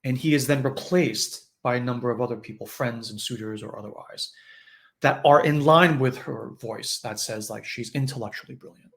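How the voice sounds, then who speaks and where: A man's voice: mid-range voice, moderate pace, creaky. A man giving a conversational spiritual teaching in a live online session, often acting out quoted voices.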